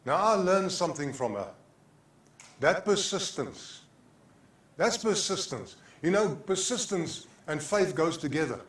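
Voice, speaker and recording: Older South African male pastor, fervent repeating sermon delivery, slightly high voice, roomy church sound. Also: sing-song, a little slow, a bit bright. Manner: impassioned preaching with repeated phrases, mixing in Afrikaans. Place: church sanctuary. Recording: echoey church hall.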